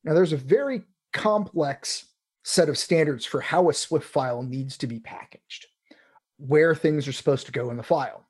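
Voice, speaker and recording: A man's voice: a little high, moderate pace, darkish tone, breathy edge. A man hosting a casual tech chat, rambling with restarts and fillers. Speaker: podcast host.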